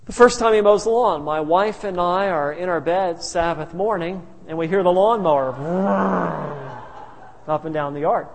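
A man's voice: high voice, unhurried, slight background noise. A male pastor telling stories in a sermon, humorous and anecdotal with chuckling asides. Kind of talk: sermon storytelling. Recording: reverberant hall.

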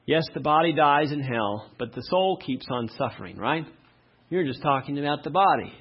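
Husky pastor preaching a sermon. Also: male voice, a little high, expressive, muffled recording. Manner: reads verses slowly and loudly, then drops to a quiet aside.

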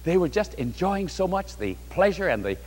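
A man's voice: sits high, very animated, normal speed, a little mellow, breathy edge, in a large hall. A man preaching a sermon to a large congregation, from New York State, in a fervent, rising and falling delivery. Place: large hall before a congregation.

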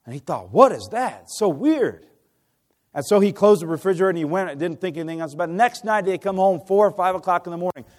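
A man preaching a sermon with passion, swinging from hushed, drawn-out phrases to loud storytelling and putting questions to the congregation. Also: high voice.

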